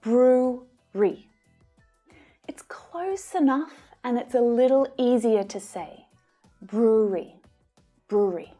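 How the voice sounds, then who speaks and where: An Australian woman gives an English pronunciation lesson. Her voice sits fairly high and she speaks very slowly, modelling each sound with care. Soft music plays faintly behind her. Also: lively intonation. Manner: slow, careful modelling of sounds. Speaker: English teacher.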